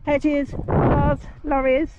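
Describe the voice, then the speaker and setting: A woman's voice: high voice, little pitch movement, drawn-out words. Chatty woman riding in traffic. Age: 40s. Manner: chatty, soothing her horse, thanking passing drivers. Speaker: horse rider vlogger. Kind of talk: casual story-time chat while riding. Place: outdoors on horseback on a busy road. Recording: muffled outdoor recording, traffic noise. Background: passing traffic.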